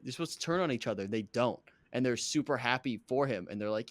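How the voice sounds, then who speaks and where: A man's voice: mid-range voice, fast talker, hardly any pauses, a bit bright, no echo. A man co-hosting a podcast, recapping a reality dating show in casual, joking chat and laughing often. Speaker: podcast co-host.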